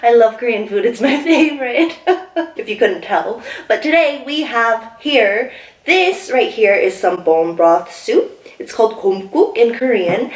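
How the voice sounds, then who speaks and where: A bubbly, excitable young woman hosting a casual mukbang, chatting about her food and laughing often. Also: on the high side. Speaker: mukbang host. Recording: echoey room, mic somewhat distant.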